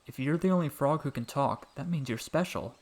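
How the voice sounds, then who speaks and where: An eager, curious little boy, as a man narrator puts him on, pitched higher and louder than the storyteller's own voice. He talks earnestly, full of questions, like a child in a bedtime storybook. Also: brisk, husky.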